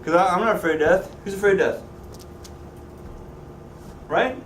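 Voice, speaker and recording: A man leads a Sunday school class with lively, joking energy and keeps asking his students questions. His voice sits high for a man. He is recorded from some distance in a roomy, echoey church classroom. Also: moderate pace, slight background noise. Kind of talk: teaching a Bible class.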